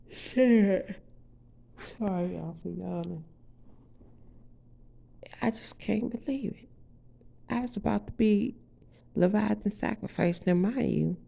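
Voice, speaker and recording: A woman's voice: fairly low pitch, creaky, warm tone, husky. A woman giving an emphatic, profane spiritual testimony straight to her viewers in a casual vlog.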